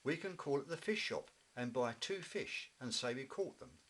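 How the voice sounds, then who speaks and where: A man's voice: medium pitch, lively intonation, normal speed, a bit bright, slightly rough, pitched above the performer's own voice. A man voicing an eager, bossy young boy bear in a children's storybook reading. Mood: urgent.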